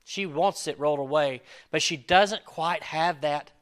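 A man preaching a sermon in an earnest way, swinging between loud emphasis and quiet asides and acting out quoted prayers. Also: on the high side, unhurried, clean tone. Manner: acts out quoted prayers and lines. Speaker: pastor.

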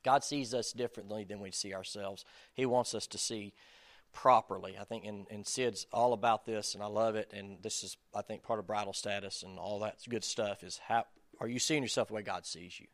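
A man's voice: fairly low pitch, fairly even intonation, a little fast, dry recording. A man preaching in a casual, conversational style, self-deprecating and speaking straight to the listeners. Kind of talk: conversational sermon.

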